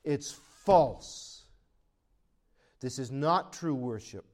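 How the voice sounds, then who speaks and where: A man preaching a sermon as pastor, swinging from loud proclaiming to quiet asides, with laughs between points. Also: mid-range voice, expressive, extremely slow.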